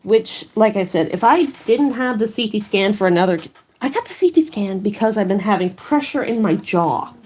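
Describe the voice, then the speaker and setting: A woman's voice: mid-range voice, animated, moderate pace, a little mellow, slight background noise. A woman chatting casually on a livestream, rambling and self-deprecating as she works. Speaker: artist livestreamer.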